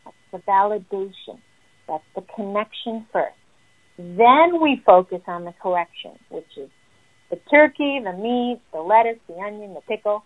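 A woman therapist explains parenting ideas with lively emphasis and a mid-range voice. Her audio comes through tinny and narrow, like a phone call. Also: mid-range voice, normal speed. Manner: animated and emphatic, acting out what children say. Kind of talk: explaining parenting advice in a conversation.

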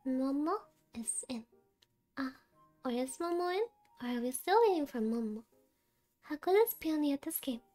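With faint music behind her, a woman VTuber chats casually to viewers during a game stream in a high, warm voice. She's animated, speaks at normal speed with long pauses, and sounds sleepy and tired while staying cutesy and laughing a lot with chat.

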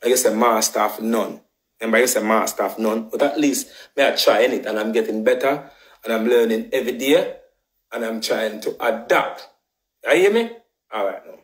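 A man's voice: fairly low pitch, normal speed, reverberant. A man with a Jamaican patois accent, ranting heatedly on a live stream, repeating himself with emphatic swearing. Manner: animated, repetitive, emphatic patois rant with swearing.

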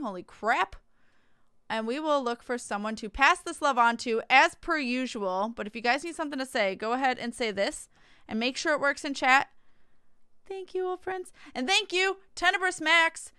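A woman game streamer, bubbly and chatty, wrapping up her stream with quick thank-yous. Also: sits high, pushed and bright, no echo, studio quality. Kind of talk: let's play commentary and stream outro.

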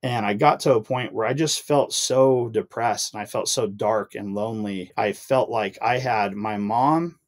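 A young adult man appears as a podcast guest, giving a heartfelt personal testimony in casual conversation. His lowish voice is unhurried with few pauses, earnest and emotional, rising as he recalls his frustration.

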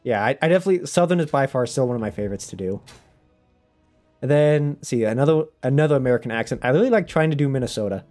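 Young male streamer, mid-pitched, chatty and self-deprecating, casual gaming talk. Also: expressive, quick pace, darkish tone, faint music behind.

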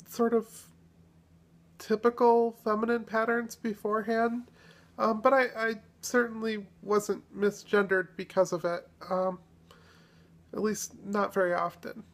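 A woman chatting casually in a vlog, relaxed and self-deprecating, pausing often as she thinks. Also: mid-range voice. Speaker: video blogger.

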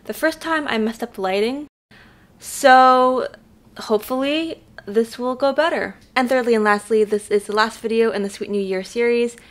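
A woman's voice: a little high, moderate pace. A young woman casually talking to camera from her bedroom, chatty and upbeat, walking through items one by one. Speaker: lifestyle vlogger. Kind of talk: casual vlog talk to camera. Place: bedroom, sitting on her bed.

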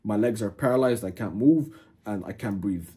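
A young man casually telling a dramatic personal story to camera, animated, cursing and calling the listener "bro". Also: lowish voice, normal speed, husky. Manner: animated, swears a lot, keeps saying "bro". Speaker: vlogger.

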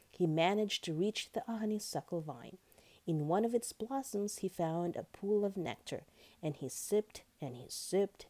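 A woman's voice: on the low side, moderate pace. Sing-song woman reading a children's story. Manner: sing-song, expressive narration.

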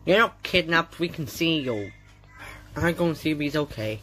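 A woman voicing a calm grown-man hero who leads a rescue, talking in a steady, bossy, soothing way during toy play-acting with a child. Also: sits low, moderate pace, over loud music.

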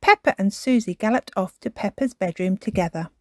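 A woman storyteller reading a children's storybook aloud with an expressive delivery. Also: mid-range voice, no room sound. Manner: slow and expressive.

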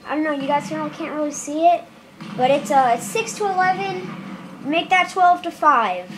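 A very high-voiced, excitable female commentator gives casual game commentary at a moderate pace, starting jittery and then shouting with excitement. It's recorded by a camera filming a screen, with a noisy background.

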